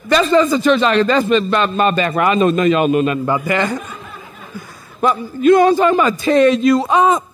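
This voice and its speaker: Pastor with a very high voice, preaching in an animated, joking manner. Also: male voice, moderate pace. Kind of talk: sermon. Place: church sanctuary.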